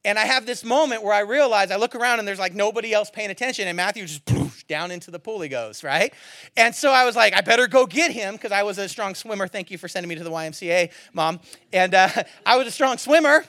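A male pastor with a high, bright, forceful voice preaches in a loose, joking, conversational way. The sound is close and dry, with no room echo around it. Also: expressive, fast talker. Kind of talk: sermon.

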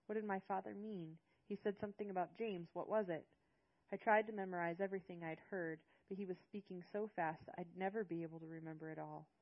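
A woman narrating a first-person audiobook in a hushed, sorrowful manner. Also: fairly low pitch, highs cut off.

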